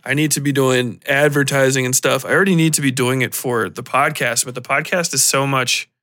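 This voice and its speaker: A man's voice: medium pitch, fairly even intonation, brisk, sharp tone, no echo. A man hosting his own podcast, chatting off the cuff with fillers and small laughs. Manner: rambling, with fillers and self-conscious laughs. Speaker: podcast host and author.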